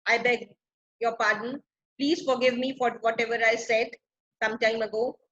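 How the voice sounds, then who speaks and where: A woman's voice: fairly high pitch, steady tone, moderate pace, fairly bright tone, dull audio, natural voice. A woman voicing a humble, apologetic male spirit servant who speaks to his master. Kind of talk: reading verse drama aloud.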